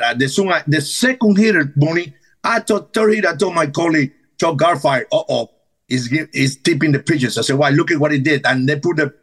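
Animated husky man telling baseball stories. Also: a little high, rough recording. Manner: animated, broken English with restarts. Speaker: podcast guest, former baseball manager. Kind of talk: casual storytelling.

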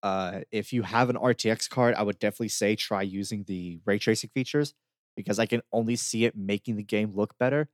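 A relaxed man co-hosts a casual game review talk. His voice sits on the low side and comes across dry and close. He talks easygoing and loose, with many fillers. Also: fairly quick, no room sound. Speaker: podcast co-host reviewing games. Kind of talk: casual chat.

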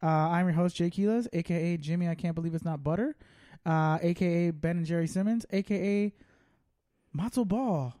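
A man's voice: on the high side, normal speed, mellow, no echo, studio quality. A man hosting a podcast, trading crude jokes in casual chat. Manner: joking, crude banter. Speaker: podcast host.

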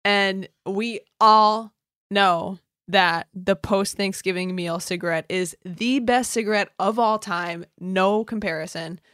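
Young female co-host, casual storyteller, quick and expressive, dry close sound. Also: no room sound. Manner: animated storyteller who jumps into squeaky high voices for quoted people. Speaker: podcast co-host. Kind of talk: casual chat.

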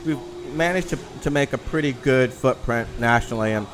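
A man talks easily as a guest on a radio show, pausing to chew between his words. His voice sits in a middle pitch. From New Orleans. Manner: relaxed, talking with his mouth full. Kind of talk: casual radio chat.

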